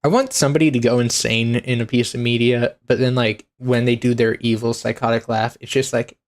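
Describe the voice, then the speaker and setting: A woman's voice: a bass voice, fairly even intonation, fairly quick, hardly any pauses, a little mellow. A woman streaming a game, chatting playfully with her viewers and joking between reading lines aloud. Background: faint game music.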